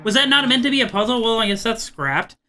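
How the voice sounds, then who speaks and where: A man commentating a horror game let's play, chatty, thinking out loud and often breaking off his own sentences. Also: extremely high pitch, animated, fast talker, faint music behind. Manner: thinks aloud, chatty and self-interrupting.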